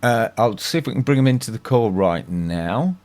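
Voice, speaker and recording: A man's voice: fairly low pitch, expressive, normal speed, darkish tone. Laid back host guy, voice goes up n down a lot, casual chat.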